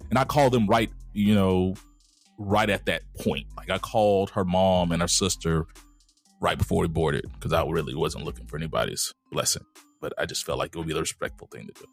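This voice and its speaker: Brief: low-voiced man, podcast co-host, easygoing storyteller, faint music behind. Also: fairly quick, gravelly. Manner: relaxed, conversational retelling with fillers. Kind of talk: casual chat, storytelling.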